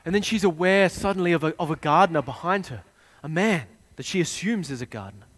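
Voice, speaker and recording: A man preaching a sermon, retelling a scene with dramatic swings between hushed and loud delivery. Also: on the high side, lively intonation, fast talker.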